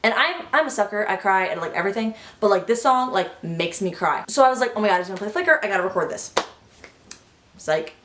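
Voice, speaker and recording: A young woman telling a story in a casual vlog, gushing and excitable, full of "like". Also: mid-range voice, quick pace. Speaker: vlogger. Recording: echoey room.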